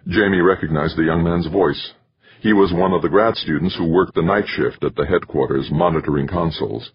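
A man narrating an audiobook in a measured, steady storytelling manner. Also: sits low, husky, dry recording. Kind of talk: scripted narration. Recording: dull lo-fi recording.

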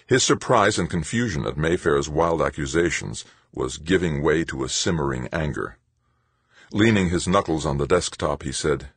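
A man narrating an audiobook in a measured, expressive way. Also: extremely low pitch, slightly rough, dry recording. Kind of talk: scripted narration.

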